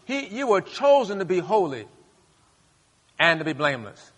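A man preaching in a church sanctuary, calling on the congregation to repeat after him. His voice sits fairly high and sounds bright and ringing. A long hall reverb trails each phrase. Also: very animated, moderate pace. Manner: call-and-response preaching, rising to loud high bursts. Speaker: pastor. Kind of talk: sermon.

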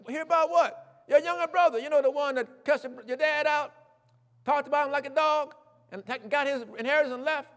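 A man's voice: very high voice, steady tone, fairly quick, fairly bright tone, long reverb tail, pitched above the performer's own voice. A man voicing a chatty male servant who eagerly passes on news. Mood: gossipy. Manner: chatty, gossipy.

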